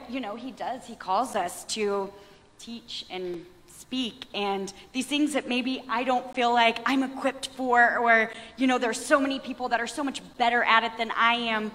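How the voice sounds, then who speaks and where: A woman's voice: a little high, a bit bright. A woman in her thirties giving an earnest, reflective faith testimony on stage, with a lightly self-mocking touch. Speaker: panelist sharing testimony. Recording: long hall reverb.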